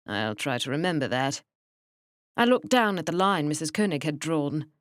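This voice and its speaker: A woman narrating an audiobook in a measured, wry first-person manner. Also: deep voice, expressive, no echo, studio quality.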